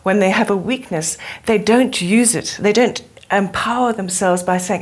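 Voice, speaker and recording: A woman's voice: mid-range voice, normal speed, few pauses. A middle-aged woman with a speech defect, talking earnestly as an interview guest and telling stories. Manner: earnest and storytelling. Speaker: interview guest, spiritual teacher. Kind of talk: conversational interview.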